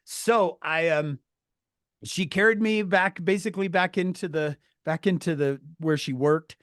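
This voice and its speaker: A man telling a story to his viewers, animated and laughing through his words, calling on chat by name. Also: a little high, unhurried, no echo, clean studio sound. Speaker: streamer talking to viewers. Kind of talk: casual storytelling.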